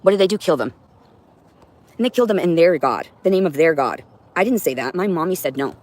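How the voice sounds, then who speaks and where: With a lowish, expressive voice that is slightly fast and slightly mellow, a woman streams live from her home with a cat nearby. She rambles to her audience in an intense, foul-mouthed monologue.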